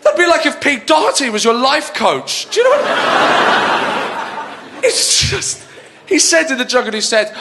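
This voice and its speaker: Brief: male stand-up comic, very expressive and bouncy in pitch, rambling and mocking. Audience noise throughout. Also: normal speed, long pauses, over a noisy crowd. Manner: animated, rambling, mocking delivery. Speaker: stand-up comedian. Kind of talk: stand-up comedy. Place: studio comedy stage before a live audience. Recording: live audience laughter and room noise.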